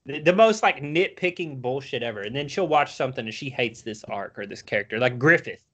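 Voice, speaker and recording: A man co-hosting a casual podcast, swearing freely as he tells animated stories. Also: medium pitch, fairly quick. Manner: profane, animated storytelling. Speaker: podcast co-host. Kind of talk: casual chat.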